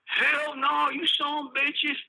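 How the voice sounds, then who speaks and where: A man voicing a drunk, belligerent rural prisoner who curses and shouts defiance. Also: extremely high pitch, monotone, takes it slowly, gravelly, slight background noise, voice pushed up, full character voice, low-quality recording. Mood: drunk defiant.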